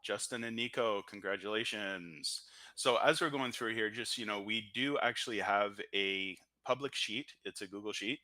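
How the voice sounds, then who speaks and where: Canadian man, host, chatty, joking, fillers, low pitch, punchy tone. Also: normal speed, sharp tone, no room sound. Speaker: host of a live-streamed lottery draw. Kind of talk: upbeat live-stream commentary. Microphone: audio-only stream mic.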